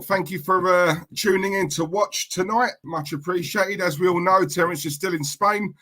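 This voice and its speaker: A chatty man hosting a casual fan livestream. His voice sits a little high for a man, and he keeps the talk light and jokey as he reels off shout-outs to the chat. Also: moderate pace, hardly any pauses. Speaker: livestream host.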